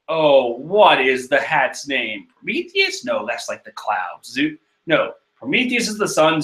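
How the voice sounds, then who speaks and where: Lively, bright-voiced man reading comics. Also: on the high side. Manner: rambling, jokey, mixes up names and corrects himself. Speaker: comic reader. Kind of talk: casual comic read-along commentary.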